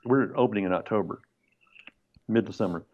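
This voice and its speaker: Lively storytelling man, low voice. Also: a little fast, husky, narrow, tinny audio. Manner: animated storyteller, acts out quoted voices, laughs often. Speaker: screenwriter guest. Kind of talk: conversational anecdote.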